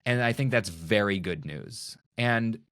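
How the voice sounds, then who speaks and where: A middle-aged man, a magician and speaker, talking as a podcast guest in a playful, animated way that acts out little scenes of dialogue. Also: lowish voice, a little slow. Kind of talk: animated conversational interview.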